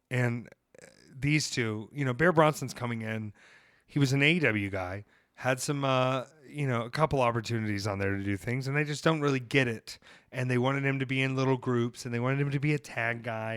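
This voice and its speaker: A man hosts a podcast, rambling through stories in an animated, profane way. His voice sits at a middle pitch and is heard close on a podcast mic. The recording is dry. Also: no room sound. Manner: rambling, animated storytelling, swearing. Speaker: podcast host. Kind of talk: casual podcast chat.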